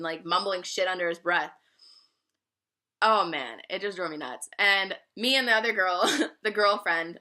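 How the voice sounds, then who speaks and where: Brief: bright, tense-toned woman in her 20s, swearing, animated storytelling vlog. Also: on the low side. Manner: profane, animated storytelling with frequent laughs. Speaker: vlogger.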